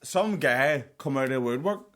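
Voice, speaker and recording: A man's voice: medium pitch, moderate pace. A young male boxer co-hosting a podcast, chiming in animatedly with extra detail in casual chat. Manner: animated, chimes in and adds detail.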